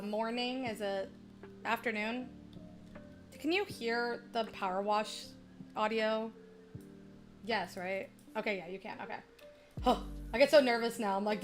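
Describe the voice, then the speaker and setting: A woman streamer from Chicago with a Midwestern accent, chatting casually and bubbly with viewers while playing at home. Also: fairly high pitch. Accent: Midwestern American (Chicago). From Chicago, USA. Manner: bubbly, chatty, talks straight to viewers, easily sidetracked. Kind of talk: casual livestream chat while gaming.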